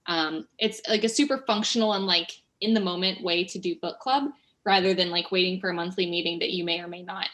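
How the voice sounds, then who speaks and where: A woman's voice: fairly low pitch, a bit bright. A woman co-host making a casual, enthusiastic and chatty announcement over a video call.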